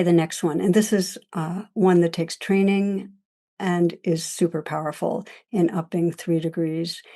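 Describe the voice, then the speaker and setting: A woman meditation teacher giving a gentle, reflective dharma talk, laughing often as she speaks. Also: fairly low pitch, gravelly.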